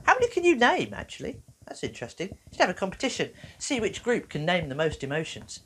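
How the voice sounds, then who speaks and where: Lively woman teaching children. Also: on the low side, fast, husky. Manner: animated, playful, acts out little voices. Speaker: children's wellbeing presenter. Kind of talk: talking to children in an educational video.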